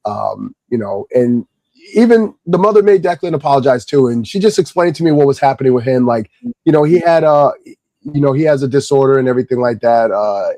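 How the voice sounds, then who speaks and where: A man from Irvington, New Jersey, telling a casual story as a guest, calm and subtle, then rising in energy. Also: mid-range voice, fairly quick, no room sound, rough recording. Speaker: guest, kids' Lego class instructor.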